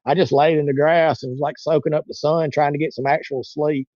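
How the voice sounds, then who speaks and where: A man's voice: fairly high pitch, fairly even intonation, brisk, darkish tone, no echo, lo-fi sound. A man telling a long personal story in casual interview talk, rambling and repeating himself, acting out the voices of people he quotes. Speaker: interview guest.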